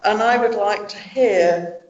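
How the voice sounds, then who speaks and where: A man councillor speaking in a measured, hesitant but firm way during a council debate. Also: sits high, slight background noise. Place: town hall council chamber. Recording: dull, echoey room sound.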